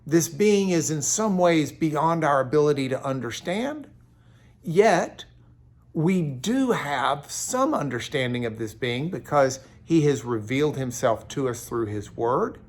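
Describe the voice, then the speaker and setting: A man's voice: a little high, expressive, unhurried. A middle-aged man giving a daily Bible devotional from his office, earnest and emphatic, often repeating words as he goes. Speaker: Bible teacher. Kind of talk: daily devotional talk to camera.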